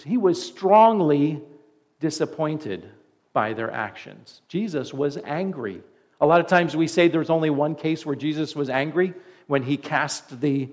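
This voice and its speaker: Pastor guy giving a sermon, kinda high voice, earnest and chatty. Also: darkish tone. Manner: earnest, conversational preaching with emphatic repetition.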